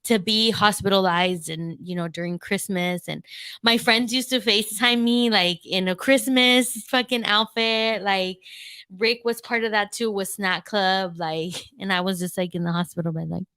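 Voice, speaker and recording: A woman's voice: medium pitch, steady tone, moderate pace, fairly bright tone, smooth, no room sound. A woman in her forties hosting a podcast, chatting candidly with profanity and frequent laughter. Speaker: podcast host. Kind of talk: casual chat.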